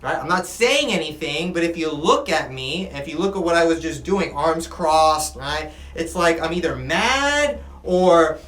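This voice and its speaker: A man giving a classroom lecture. He talks in an animated way and keeps checking in with his listeners. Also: fairly high pitch, unhurried, hardly any pauses. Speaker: teacher. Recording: echoey room with faint music. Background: faint music.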